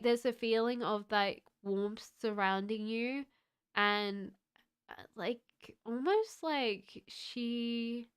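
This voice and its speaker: Woman tarot reader on a live stream, gentle and halting, unhurried delivery, very clean clear voice. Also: mid-range voice. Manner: gentle, halting, many fillers. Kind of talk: live-streamed card reading.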